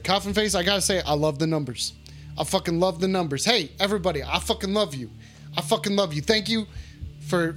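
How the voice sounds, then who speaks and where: A man hosting a call-in livestream, swearing a lot and shouting the same catchphrase over and over. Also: high-pitched. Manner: rowdy, swearing, repeats his shouted catchphrase. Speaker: call-in stream host. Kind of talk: profane casual livestream banter.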